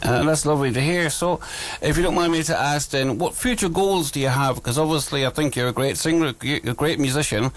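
A man with an Irish accent presenting on local radio, asking a guest questions in a polite, chatty, slightly halting way. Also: on the high side, no room sound. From Ireland. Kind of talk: radio interview.

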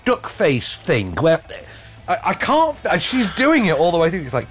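A man's voice: on the high side, huge pitch swings, moderate pace, a bit bright, soft background music. An English man hosting a film review podcast in casual chat, sarcastic and rambling, with frequent restarts. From England.

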